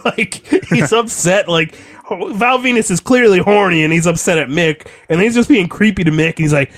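A young man co-hosting a podcast, recapping wrestling in a profane, exasperated, animated rant. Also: fairly high pitch, moderate pace. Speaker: podcast co-host. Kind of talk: casual wrestling recap chat.

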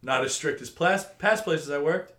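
Young man, podcast co-host, animated swearing storyteller, slightly high voice, echoey cellar. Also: normal speed. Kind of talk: casual chat. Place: home cellar.

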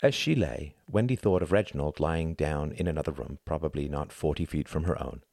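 A male audiobook narrator with a low voice. He reads in a measured, intimate way. The recording is close and dry, with no room sound. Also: gravelly, a little mellow, no echo.

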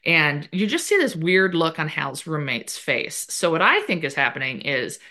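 A woman with a low-set, bright voice chatting casually as a podcast co-host. She rattles through a TV episode recap and slips into quick quoted bits of the characters' lines. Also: very animated.

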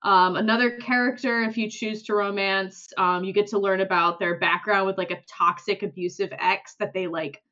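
A woman's voice: medium pitch, steady tone, moderate pace, hardly any pauses, bright, forceful tone, muffled recording. A young woman co-hosting a podcast, telling stories animatedly, acting out characters' lines and laughing often. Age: young adult. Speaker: podcast co-host. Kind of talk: casual chat.

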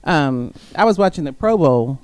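A woman's voice: deep voice, animated, normal speed, a little mellow, no room sound. A woman co-hosting a podcast, telling a story in a matter-of-fact casual way. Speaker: podcast co-host. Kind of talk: casual chat.

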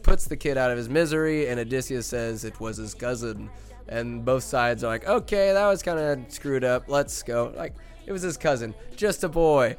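A young man hosting a podcast, giving a casual, animated movie recap full of slang and acted-out quotes. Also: mid-range voice, normal speed, music in the background. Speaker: podcast host.

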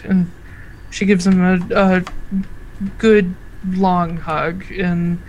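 Low-voiced woman narrating as game master. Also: very slow, a little hiss or hum, low-quality recording. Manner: relaxed, hesitant, many fillers.

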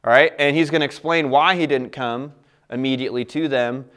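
A man's voice: medium pitch, a little fast, a bit bright. A man teaching a Bible passage in a conversational way, reading verses aloud and explaining them with frequent check-ins to his listeners. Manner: conversational, explains scripture with frequent "all right" and restarts.

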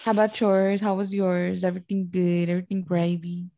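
A young woman and new mother co-hosting a casual chat podcast, relaxed and rambling as she tells stories. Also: lowish voice, fairly quick, no room sound. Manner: relaxed, rambling, warm storytelling with fillers. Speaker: podcast co-host.

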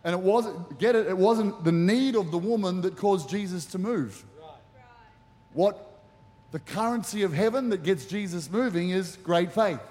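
A man preaching a sermon as pastor, animated and acting out the voices in the stories he tells. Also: high-pitched. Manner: animated, acts out quotes in the story. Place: church auditorium. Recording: long reverb of a large church hall.

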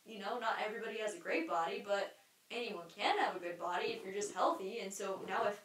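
A fast-talking young woman with a mid-range, fairly bright tone hosts a podcast alone, rambling candidly with plenty of fillers, restarts and offhand swearing. The recording is roomy, picked up by a mic at a distance.

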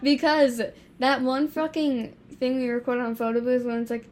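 A young woman co-hosting a casual podcast, easygoing and softer-spoken, laughing along with her friend. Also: high-pitched, flat delivery, normal speed. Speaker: podcast co-host. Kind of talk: casual chat.

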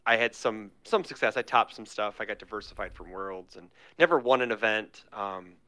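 A man co-hosting a podcast, rambling excitedly with lots of fillers in casual chat. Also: lowish voice, normal speed. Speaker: podcast co-host. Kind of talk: casual chat about a card game.

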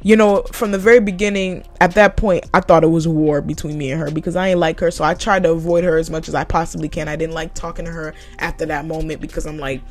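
A woman's voice: low voice, steady tone, quick pace, hardly any pauses, a little mellow, faint music behind. A young woman vlogger telling a story about work in a blunt, profane, emphatic way. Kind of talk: casual storytime monologue.

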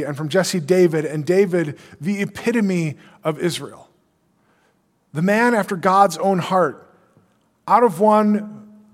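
A man preaching a sermon, reading scripture aloud and retelling the story in casual, everyday dialogue. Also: on the high side. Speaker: pastor. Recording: long hall reverb.

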